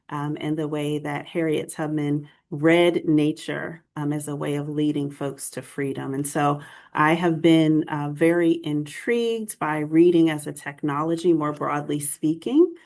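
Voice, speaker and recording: Woman panelist, very low voice, measured and thoughtful. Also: a little mellow. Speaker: library panelist. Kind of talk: panel discussion remarks.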